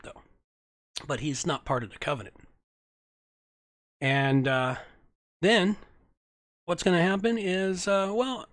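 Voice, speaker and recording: A man's voice: sits high, slow, pauses often, fairly bright tone. A man hosting a show, reading Bible passages aloud and breaking into irreverent, joking commentary. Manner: irreverent, joking asides between solemn readings. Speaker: host.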